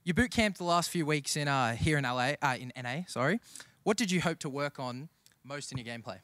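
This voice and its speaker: A man's voice: fairly high pitch, lively intonation, brisk, fairly bright tone, no echo. A young man interviewing a gamer on stage, teasing him playfully. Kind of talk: light interview.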